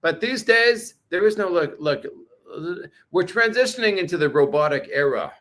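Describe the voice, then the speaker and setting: A man's voice: sits high, expressive, normal speed, fairly bright tone. A man vlogging casually on a livestream, rambling and blunt, swearing often.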